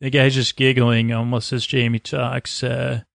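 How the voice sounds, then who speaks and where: A man with a gravelly, creaky voice recaps a TV episode for a sleep podcast. He meanders, keeps it loose and low-key, and lets sentences trail off. The sound is close and dry, with no room around it. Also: level tone, a little slow, no echo. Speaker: podcast host.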